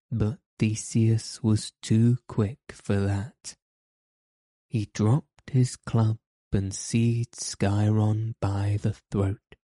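A man narrating a storybook in a steady, measured way. His voice is deep-toned and mellow, and the delivery stays very slow and even. The sound is close and dry. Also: no echo.

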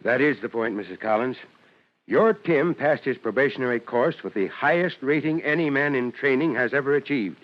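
An actor playing a kindly, formal middle-aged fire chief in a 1940s radio drama, speaking in a measured, fatherly way. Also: medium pitch, lively intonation, close to an everyday voice. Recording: dull old radio recording.

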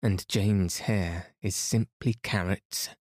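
A man's voice: sits low, steady tone, takes it slowly, darkish tone, no room sound, studio quality. A man voicing a cross, sulky young boy who grumbles in a bedtime storybook reading.

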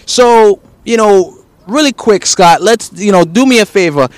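A man's voice: sits high, animated, a little slow, no echo. A man hosting an interview, chatting loosely with many "you know"s and "if you will"s. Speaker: interview host. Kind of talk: casual interview talk.

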